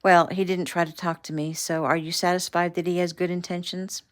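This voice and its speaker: A woman voicing a spirited, gun-savvy young woman who talks in a brisk, sassy, teasing way, in a read-aloud novel. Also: on the low side, level tone, lightly acted. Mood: playful.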